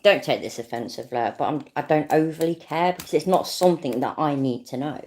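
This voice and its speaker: A woman's voice: deep voice, brisk, a little mellow. A British woman giving casual, rambling commentary on a clip, sarcastic and swearing freely. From not American.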